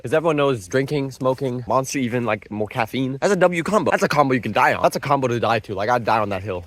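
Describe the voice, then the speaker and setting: Young male vlogger, casual storyteller, slangy and rambling, mid-range voice. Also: medium pitch.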